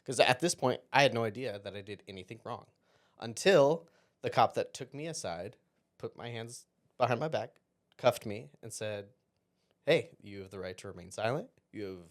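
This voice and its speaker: Podcast guest, man, casual rambling storyteller, mid-pitched. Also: animated, moderate pace. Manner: rambling, self-interrupting anecdote with quoted dialogue.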